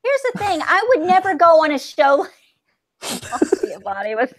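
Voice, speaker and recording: High, lively woman recapping a show. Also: moderate pace, noisy background. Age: 40s. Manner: blunt, self-deprecating, jokey. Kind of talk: live casual recap chat.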